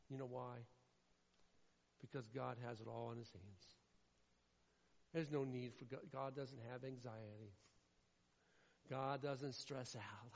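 A man from Indiana preaching a sermon, emphatic and repetitive, swinging between loud declarations and hushed lines. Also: mid-range voice, fairly even intonation, slow, creaky, pauses often. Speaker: pastor. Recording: echoey hall, dull lo-fi sound.

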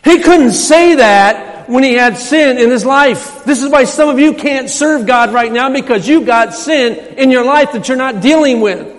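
A man's voice: extremely high pitch, unhurried. A man preaching a sermon in a church, emphatic and repetitive, his voice rising when he quotes scripture. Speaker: pastor. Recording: hall reverb.

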